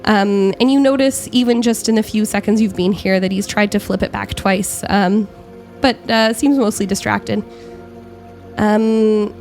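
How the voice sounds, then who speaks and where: A woman narrating as game master of a tabletop game, describing scenes with frequent pauses and self-corrections. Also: on the high side, darkish tone.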